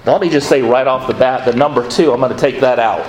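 A man's voice: medium pitch, fast talker, a little hiss or hum. Male pastor, sermon delivery, chatty and conversational with wry asides, echoey church room. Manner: conversational, quoting scripture with acted asides.

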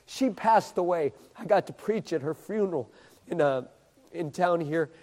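A man preaching, telling a story as a sermon in an animated way and building suspense with repeated questions. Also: a little high, normal speed. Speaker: street preacher. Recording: echoey hall.

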